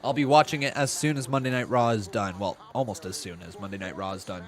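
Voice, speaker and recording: A man hosting a live watch-along stream, giving excitable play-by-play reactions and shouting at big moves. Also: fairly low pitch, fast talker.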